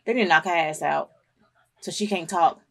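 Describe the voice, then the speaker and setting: A woman hosting an anime reaction video, talking back at the screen and bursting into loud, emotional outbursts with cursing. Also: fairly low pitch, moderate pace, gravelly. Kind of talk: reaction commentary.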